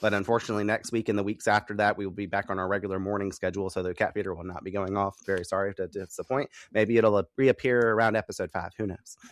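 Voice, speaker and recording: A young man co-hosting a casual podcast, animated and giggly, swearing casually as he chats. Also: on the low side, fast talker, few pauses, no room sound. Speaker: podcast co-host.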